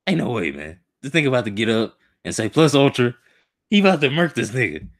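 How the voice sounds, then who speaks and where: A man's voice: medium pitch, wildly swooping pitch, quick pace, a bit bright. A man streaming a live reaction to a comic chapter. He talks casually and emotionally in slang, muttering to himself as he reads.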